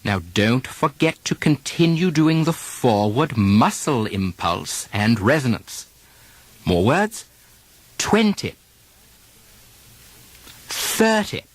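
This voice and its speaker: A man's voice: mid-range voice, husky, dry recording. A man teaching an accent lesson, carefully demonstrating vowels and stresses and asking listeners to repeat after him. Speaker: dialect coach.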